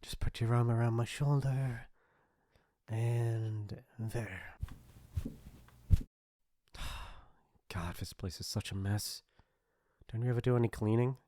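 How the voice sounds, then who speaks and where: A man's voice: mid-range voice, steady tone, slow pace, pauses often, dark tone, dry recording, studio quality, lightly acted. A man voicing a mean, teasing popular bully in an ASMR role-play, mocking and laughing often. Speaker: voice actor.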